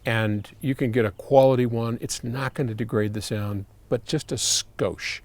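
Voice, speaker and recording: A man's voice: mid-range voice, fairly even intonation, moderate pace, a little mellow, no echo. An older man from the United States hosting a casual advice show, reading a viewer's letter aloud and chatting back with asides. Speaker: host answering viewer questions.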